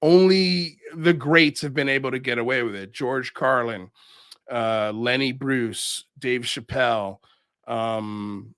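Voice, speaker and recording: A man's voice: mid-range voice, slow, clear, resonant tone, dry recording, clean studio sound. A man hosting a livestream, reading chat comments and rambling casually with lots of fillers. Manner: rambling, animated, frequent fillers and laughs. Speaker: show host reading live chat.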